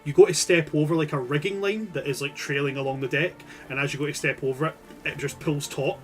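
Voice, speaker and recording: A man's voice: on the high side, steady tone, fast, faint music behind. A man narrating as game master in a loose, rambling way, with casual swearing.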